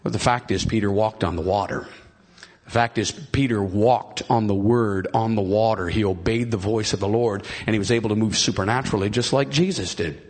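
A middle-aged man preaching a sermon, retelling a scripture story with excitement. He often repeats and restarts phrases and calls out to the congregation. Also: on the low side, fairly quick.

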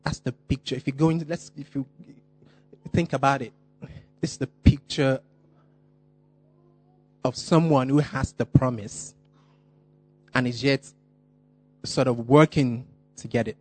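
A man preaching a sermon, stressing and repeating key phrases, slowing down on important words. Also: medium pitch, steady tone.

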